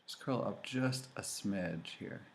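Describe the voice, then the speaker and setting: A man hosting a casual makeup tutorial, chatty and animated, talking straight to his viewers as he demonstrates. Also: on the low side, slow pace, creaky.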